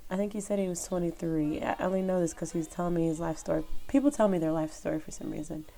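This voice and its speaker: A woman with a somewhat low voice talks straight to her viewers and tells a story from her own life. She rambles, circles back and fills the gaps with "like" and "um". The delivery is loose and conversational. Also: fast, vocal fry, mellow. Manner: rambling, chatty, lots of fillers. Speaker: vlogger, former rideshare driver. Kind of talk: casual storytelling to camera.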